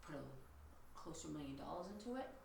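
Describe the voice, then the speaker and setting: Chatty woman tour guide with a low, gravelly voice, telling ghost stories, recorded from a distance in an echoey room. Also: fast talker, slight background noise. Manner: chatty, animated storytelling with quoted voices. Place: old house, indoors.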